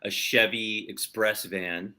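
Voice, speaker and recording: A young man from Los Angeles talks easily on a video call, drifting through his answers with plenty of "like" and "you know." His voice sits a touch low for a man but sounds bright and forward. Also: fairly even intonation, slow. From Los Angeles, San Fernando Valley. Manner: laid-back, rambling with many fillers. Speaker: touring musician guest. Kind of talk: casual interview over video call.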